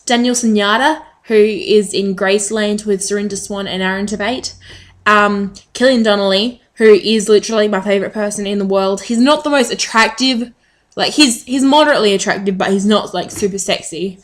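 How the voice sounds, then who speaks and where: A woman's voice: medium pitch, normal speed. Chatty woman vlogging. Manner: chatty, rambling, frequent ums. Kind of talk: casual chat to camera.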